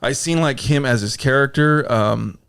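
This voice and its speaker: Gravelly smooth-toned laid-back host man. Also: mid-range voice, normal speed, dry recording, studio quality. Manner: relaxed, slangy, swears casually. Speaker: podcast host. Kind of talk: casual podcast chat.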